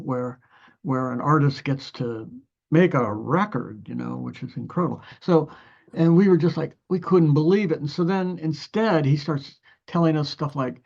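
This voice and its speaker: A man's voice: fairly high pitch, creaky, darkish tone, muffled recording. An older man from Ohio, a musician guest telling long stories full of restarts and fillers, acting out other people's lines as he goes. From Ohio, USA. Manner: rambling anecdotes with many restarts and fillers. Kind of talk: conversational storytelling.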